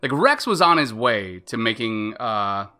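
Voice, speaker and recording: Bright-voiced, chatty male streamer. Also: mid-range voice, very animated, a little slow. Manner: rambling, chatty, lots of fillers and self-interruptions. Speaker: gaming streamer. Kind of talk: casual live-stream commentary.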